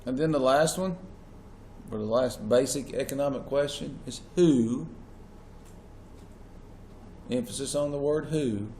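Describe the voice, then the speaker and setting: A man's voice: mid-range voice, normal speed, a little mellow. A man lecturing a class as their teacher, asking questions and stressing key words. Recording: echoey classroom with faint noise.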